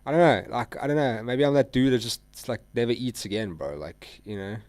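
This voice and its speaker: A man's voice: mid-range voice, fairly quick, darkish tone, no echo. A man, hosting a live trading stream in loose, rambling chat, full of "bro" and "like". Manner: slangy, says "bro" and "like" a lot. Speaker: livestream trader host.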